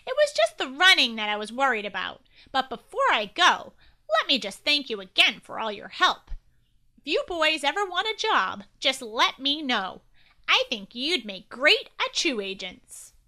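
A woman's voice: sits high, very animated, moderate pace, bright, forceful tone, pitched above the performer's own voice, exaggerated voice. A woman doing a kindly grown-up agent. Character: cheerful grown-up male agent.

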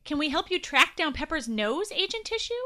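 A woman voicing a bold, eager young boy who speaks up excitedly. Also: sits high, brisk, pitched above the performer's own voice, exaggerated voice.

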